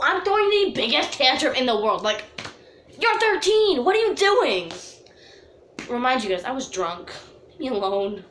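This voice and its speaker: A young woman telling a storytime vlog, chatty with lots of "like", dramatically reenacting herself wailing in a high voice. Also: fairly bright tone, echoey room, slight background noise. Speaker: vlogger.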